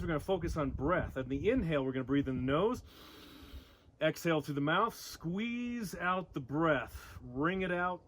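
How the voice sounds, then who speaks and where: A man leading an outdoor abs workout, counting reps and cueing breaths with upbeat energy. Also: a little high. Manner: upbeat, coaching, cues breathing. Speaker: fitness instructor. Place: outdoors among rocks.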